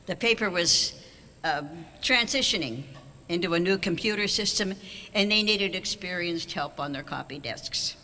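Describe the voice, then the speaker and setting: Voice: medium pitch, animated, moderate pace, sharp tone, slight background noise. Older speaker telling wry stories in a hall. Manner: wry, anecdotal storytelling. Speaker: award honoree giving a speech. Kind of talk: banquet speech, storytelling. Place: large auditorium hall. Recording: long hall reverb.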